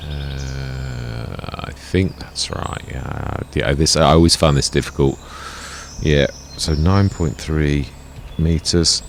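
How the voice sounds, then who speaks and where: Man, chatty, self-correcting, gameplay commentary, low gravelly voice. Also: fairly even intonation, slow pace, a little hiss or hum. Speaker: gaming let's play host.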